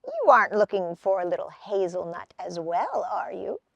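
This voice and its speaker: A woman voicing a nosy, unfriendly female magpie in a storybook read-aloud, loud and shrill with a mocking cackle. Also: wildly swooping pitch, normal speed, creaky, no room sound, dull audio, full character voice.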